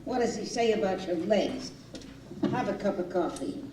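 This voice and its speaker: A woman's voice: mid-range voice, expressive, normal speed, background noise, natural voice. A woman acting a jaded household cook in a stage play, tossing out dry, sardonic quips. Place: small community theater stage. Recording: roomy stage sound from far off.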